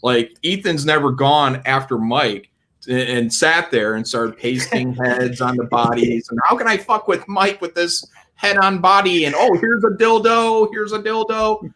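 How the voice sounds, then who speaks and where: Bright-voiced, blunt, profane man. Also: medium pitch, unhurried, slight background noise. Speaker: guest on a livestream talk show. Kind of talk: casual livestream chat.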